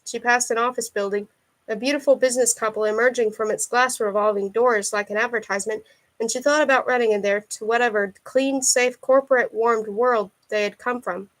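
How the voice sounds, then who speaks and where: A woman reading a thriller novel aloud in a steady, unhurried narration. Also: a little high. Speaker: audiobook reader.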